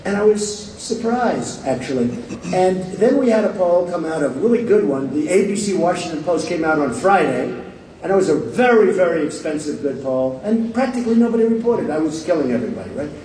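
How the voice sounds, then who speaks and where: A man's voice: high-pitched, animated, brisk, dark tone. A man giving a campaign rally speech, boastful and rambling, repeating himself and taking sarcastic jabs at the press. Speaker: political candidate. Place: large packed hall with a crowd. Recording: echoey hall from far off, crowd noise.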